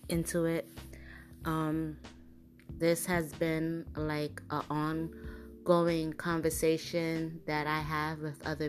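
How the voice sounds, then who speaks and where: Slow-talking, frank woman host. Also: sits low. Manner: frank and indignant, talks with many fillers and restarts. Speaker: podcast host. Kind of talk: casual opinion monologue.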